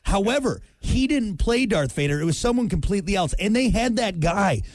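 A man's voice: high voice, lively intonation, a little fast, a little mellow, no echo. A man co-hosting a morning radio show, goofing off and telling stories in casual banter. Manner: goofy, silly voices and bits. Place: radio studio.

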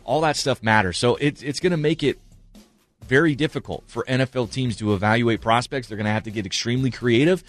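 A man's voice: medium pitch, quick pace, faint music behind. Earnest male sports talk host. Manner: earnest, emphatic, repeats points.

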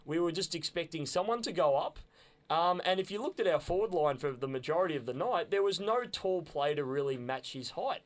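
A man's voice: on the high side, animated, a little fast. A young adult man with an Australian accent, chatting enthusiastically as a podcast co-host, often repeating words as he goes. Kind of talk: casual chat.

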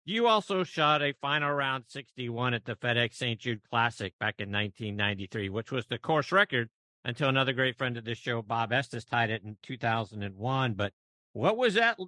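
A man's voice: medium pitch, normal speed, pushed and bright, no echo. A man hosting a golf podcast, asking a guest prepared questions. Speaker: podcast host. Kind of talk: interview questions.

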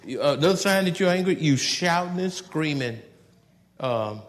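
A man preaching a sermon in a folksy, conversational way, swinging from loud outbursts to soft asides and laughing at his own jokes. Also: a little high, lively intonation, moderate pace, long reverb tail. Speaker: pastor.

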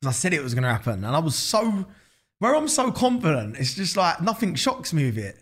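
A man's voice: fairly high pitch, huge pitch swings, brisk, a bit bright, slightly rough. A man with a London accent, a guest in an interview, talking loosely with lots of slang, fillers and swearing. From England. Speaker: guest, business founder. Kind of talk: casual interview chat.

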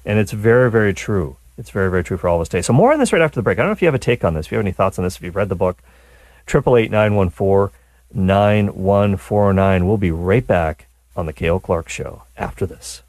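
A middle-aged man hosts a radio talk show, thinking out loud with plenty of restarts and self-deprecating asides. His voice sits low but swings up and down with lively animation. It comes through close and dry on a studio mic. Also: fast talker, no echo. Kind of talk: casual talk radio monologue.

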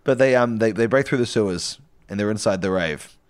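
A man's voice: fairly low pitch, brisk, clean tone, no echo. A man co-hosting a comedy podcast, narrating an improvised story in a rambling, playful way with frequent laughs.

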